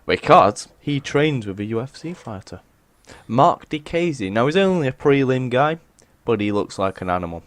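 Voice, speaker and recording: A man's voice: mid-range voice, lively intonation, moderate pace, dry recording. A young English man co-hosting a casual podcast, sarcastic and sweary, who tells stories about callers. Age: young adult. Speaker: podcast co-host. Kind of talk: casual chat.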